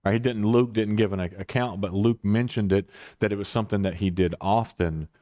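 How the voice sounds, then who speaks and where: A man's voice: fairly low pitch, steady tone, a little fast, dark tone. A man leading a casual Bible study as pastor, rambling and correcting himself with chuckling asides.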